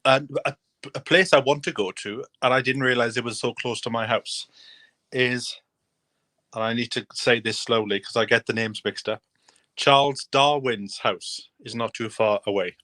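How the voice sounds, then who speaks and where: A man's voice: mid-range voice, fairly even intonation, normal speed, bright, forceful tone. A man with an everyday mid-range voice chats on a gardening show. He rambles and pokes fun at himself, and the sound is dry and close, with no room echo. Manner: rambling, self-deprecating, chatty. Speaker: host. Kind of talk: casual chat.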